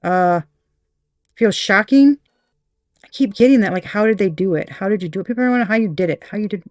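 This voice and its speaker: A woman's voice: medium pitch, animated, brisk, a little mellow, no room sound, clean studio sound. Laughing, candid woman reading tarot. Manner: candid, profane, laughing, acts out quoted voices. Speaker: tarot reader.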